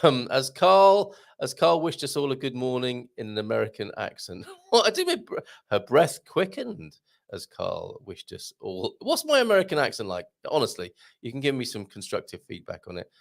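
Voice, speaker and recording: A man hosts a live online show and reads out viewer comments. He talks in a lively, up-and-down way with a gravelly edge to his voice. He is jokey and laughs often, tripping over words as he goes. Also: mid-range voice, a little fast. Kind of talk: live-stream chat reading viewer comments.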